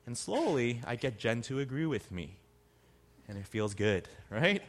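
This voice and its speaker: A man's voice: medium pitch, very animated, unhurried. A man preaching a sermon as pastor in a casual, conversational way. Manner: conversational, acts out quotes in other voices.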